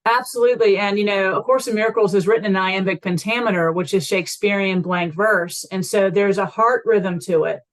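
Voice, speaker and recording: A woman hosting a casual conversation, affirming her guest and explaining ideas with warm enthusiasm. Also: medium pitch, fairly even intonation, a little fast, few pauses, low-quality recording. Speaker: host.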